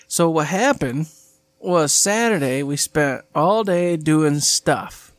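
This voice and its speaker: A man co-hosting a casual podcast, upbeat and excitable, laughing often. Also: a little high, slow, no room sound. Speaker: podcast co-host. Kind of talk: casual chat.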